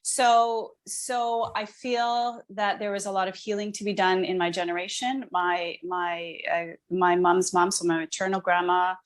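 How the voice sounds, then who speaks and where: A woman's voice: fairly low pitch, flat delivery, unhurried, few pauses. A middle-aged woman, a podcast guest, talking casually and searching for words with many restarts. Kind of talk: casual interview talk.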